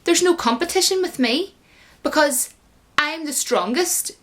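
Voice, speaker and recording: A woman's voice: high voice, animated, a little slow, fairly bright tone, voice pushed up. Smug boastful actress, mocking, put on by a woman, self-satisfied.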